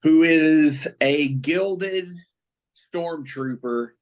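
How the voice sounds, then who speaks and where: A man co-hosting a podcast, chatting casually with a profane, excitable fan's rambling. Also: fairly high pitch, drawn-out words. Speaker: podcast co-host. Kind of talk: casual chat.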